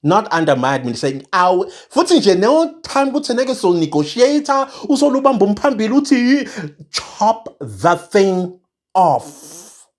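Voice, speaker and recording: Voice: medium pitch, sing-song, fast talker, hardly any pauses. An angry online commentator with a South African accent, mixing in isiZulu, ranting to viewers with emphatic repeated phrases. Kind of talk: impassioned rant to viewers.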